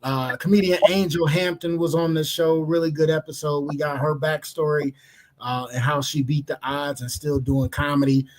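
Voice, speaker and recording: A man from Cleveland co-hosting a podcast, telling a story in a casual, animated way and acting out the voices in it. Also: on the high side, moderate pace. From Cleveland, Ohio. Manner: animated, laughing, acts out voices in his stories. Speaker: podcast co-host.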